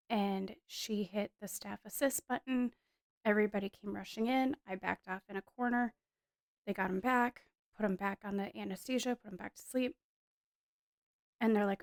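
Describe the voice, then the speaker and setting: A woman in her thirties tells a heartfelt personal story, earnest and emotional, with a few ums and restarts along the way. Her voice sits at an ordinary middle pitch. The sound is close and dry, with no room echo. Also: gravelly. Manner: earnest, emotional retelling with fillers. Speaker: wife sharing a testimony. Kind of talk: personal testimony, casual storytelling.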